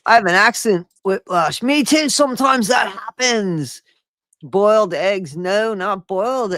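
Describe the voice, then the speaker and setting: A woman hosting a live stream, chatting casually and excitably with her viewers. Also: mid-range voice, unhurried, dry recording, studio quality. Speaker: streamer host.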